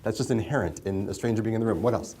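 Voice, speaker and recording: A mediation instructor with a fairly low, warm voice speaks rapid-fire in an interactive classroom lecture. He keeps it conversational, asking the class questions and repeating their answers back.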